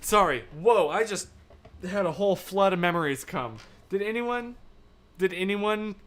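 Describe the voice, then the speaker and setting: A young American man in his twenties hosts a live stream in a high-pitched, expressive, somewhat bright voice at normal speed. He chats casually and rambles with lots of fillers, laughs often, and reads out viewer comments.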